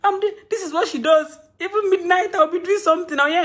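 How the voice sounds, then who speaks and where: A woman's voice: extremely high pitch, expressive, a little fast, fairly bright tone. A young Nigerian woman hosting a casual live stream, rambling, laughing often and scolding her viewers.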